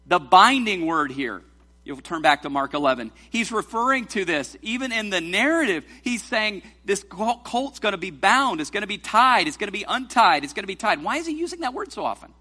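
A man preaching a sermon in a church, reading scripture slowly and leading the congregation in a playful responsive reading. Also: high-pitched, very animated, sharp tone. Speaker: pastor. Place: church sanctuary.

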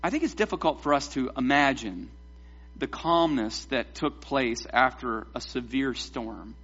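A man preaching a sermon as pastor, animated, with joking asides to the congregation. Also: mid-range voice, a little slow, breathy edge, muffled recording.

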